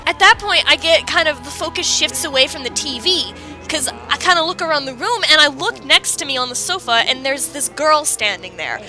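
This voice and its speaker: Let's play host, woman with a high voice, chatty and animated, clear game music underneath. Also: moderate pace, rough recording. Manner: chatty, animated, many fillers. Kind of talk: casual storytelling over gameplay.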